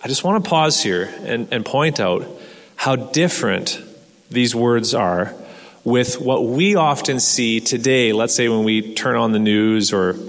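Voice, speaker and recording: A man's voice: medium pitch, a little slow. Earnest male pastor preaching in a reverberant hall. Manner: earnest, repeats words when restarting, rhetorical questions. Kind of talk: sermon.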